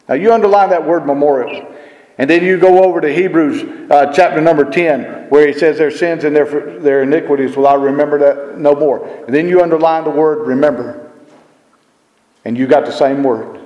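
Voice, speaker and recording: A man's voice: on the high side, darkish tone. Echoey preacher man, emphatic and repeating. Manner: emphatic, repeats himself, asks rhetorical questions. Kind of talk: sermon.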